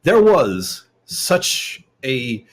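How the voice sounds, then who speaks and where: Male podcast host, husky, animated pitch, playful emphasis. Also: extremely slow. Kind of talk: casual panel chat. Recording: captured through desktop audio.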